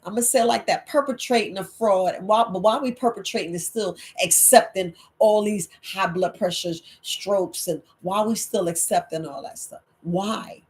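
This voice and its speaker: Woman herbalist host, emphatic and preachy, hammers points home, mid pitch. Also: moderate pace, few pauses. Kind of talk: late-night Q&A livestream talk.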